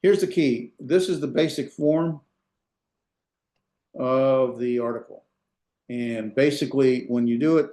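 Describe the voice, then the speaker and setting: A man's voice: medium pitch, measured pace, mellow. Man teaching in an echoey room. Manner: patient, quizzes students with frequent "right?". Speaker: instructor. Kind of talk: online classroom lecture.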